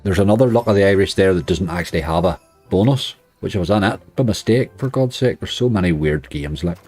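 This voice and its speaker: A man's voice: low voice, animated, a little fast, a little mellow, faint music behind. A man hosting a late-night slots live stream, chatting casually, greeting viewers and laughing often. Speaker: slot streamer.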